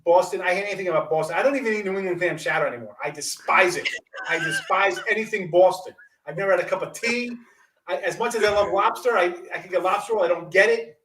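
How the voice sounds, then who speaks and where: A man's voice: high voice, reverberant, distant mic, noisy background. A man, a sports handicapper, talking brashly and jokingly in a casual betting chat over a video call. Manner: brash, joking, rapid-fire.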